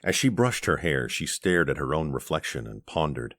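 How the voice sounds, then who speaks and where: A man reading an audiobook aloud in a measured, gentle narration on a close studio mic. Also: very deep voice, sing-song, no room sound.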